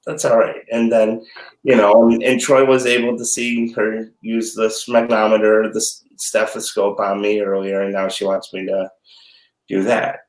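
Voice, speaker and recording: The voice is low and moves at normal speed, with reverberation and poor audio quality. A middle-aged dad, appearing as a chef guest, chats casually in his home kitchen, telling rambling, jokey stories with animation.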